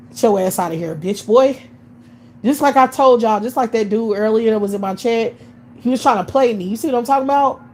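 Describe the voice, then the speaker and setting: A woman's voice: mid-range voice, a little mellow, slight background noise, low-quality recording. A woman in her late thirties ranting bluntly on a live stream, scornful and swearing constantly. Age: 30s. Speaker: livestream host. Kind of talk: profane live-stream rant.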